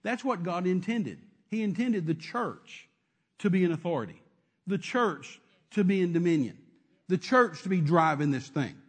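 A man's voice: sits high, big pitch swings, normal speed, slightly rough. A man preaching a sermon, emphatic and repetitive, calling out to his congregation.

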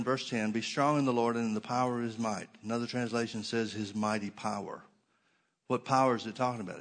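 A middle-aged man preaching a sermon as pastor, emphatic and sometimes sarcastic, slowing down to stress repeated words. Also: on the low side, a bit bright.

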